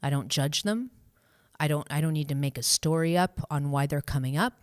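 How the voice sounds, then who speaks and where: A woman hosting a live stream as a spiritual coach, speaking gently and reassuringly, laughing often and acting out inner voices in a high cheery tone. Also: a little fast, dry recording, studio quality. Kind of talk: live-stream guidance, answering viewer questions.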